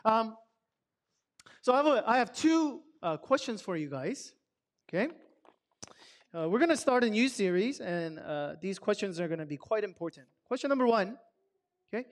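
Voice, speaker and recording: A man's voice: high voice, very animated, normal speed, long pauses. A man speaking at a Sabbath church service through a microphone, talking loosely and conversationally and putting question after question to his listeners. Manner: conversational, asks the audience many questions; loose and chatty, filler words. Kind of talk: casual talk to a congregation.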